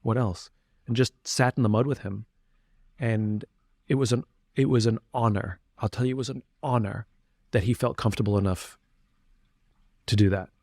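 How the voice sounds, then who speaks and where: A man's voice: fairly low pitch, steady tone, moderate pace, pauses often, a little mellow, dry recording. A man speaking as a podcast guest, talking earnestly and reflectively with frequent restarts. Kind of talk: candid conversation.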